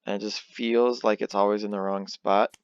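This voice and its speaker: A young man at home giving casual, rambling, self-deprecating commentary as he plays, thinking out loud. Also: lowish voice, flat delivery, normal speed, clear, resonant tone, no room sound. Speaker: let's play host. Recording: dull lo-fi home recording.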